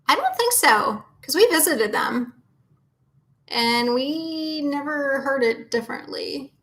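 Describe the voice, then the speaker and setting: A woman's voice: high-pitched, animated, takes it slowly, a bit bright, poor audio. A woman co-hosting a casual live chat from home, reading out viewer questions and correcting herself as she goes. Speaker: co-host answering viewer questions.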